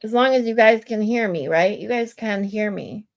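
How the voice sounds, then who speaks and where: A woman hosts a casual live stream at an ordinary middle pitch, talking bluntly and swearing freely. She restarts her sentences often as she reads text messages aloud and talks them over with her viewers. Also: normal speed. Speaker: livestream host.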